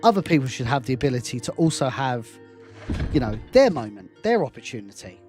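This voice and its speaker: Lively, chatty man. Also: medium pitch, fairly quick, faint music behind. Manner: rambling, chatty, self-deprecating, laughs often. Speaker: fan film director and game streamer. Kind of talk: casual gameplay commentary.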